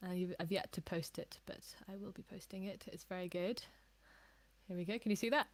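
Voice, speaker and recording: A woman's voice: mid-range voice, brisk, darkish tone. A woman hosting a casual live stream, chatting and reading out viewer comments. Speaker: host.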